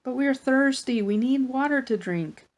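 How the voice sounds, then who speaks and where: A woman's voice: high-pitched, unhurried, voice pushed up. A woman voicing a hungry, thirsty crowd of wanderers who whine and complain in a children's Bible story. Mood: whiny. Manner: whiny, complaining.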